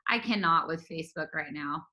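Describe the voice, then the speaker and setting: A woman co-hosting a podcast in a casual conversation, supportive, with quick reactions. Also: sits low, bright, forceful tone.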